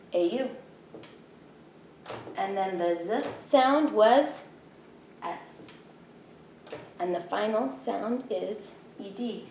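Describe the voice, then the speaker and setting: A woman's voice: mid-range voice, echoey room, slight background noise. A woman teacher in her thirties giving a spelling lesson from home, patiently sounding out each letter.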